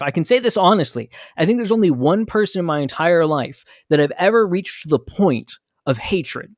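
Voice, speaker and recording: Man, podcast host, personal storytelling, candid and reflective, higher voice, dry close sound. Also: animated, moderate pace, hardly any pauses, no echo.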